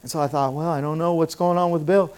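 A man with a high voice preaches a sermon as pastor. He tells stories from church life, dropping to a hush and then rising to loud, fervent peaks. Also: fairly even intonation, fast talker, clean tone. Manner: storytelling, swinging from hushed to loud and fervent.

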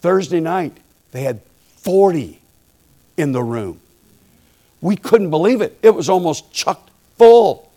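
A man's voice: sits high, lively intonation, slow, long pauses. Folksy preacher man telling a story. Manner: folksy, humorous, swings from quiet asides to loud preaching. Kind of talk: storytelling sermon.

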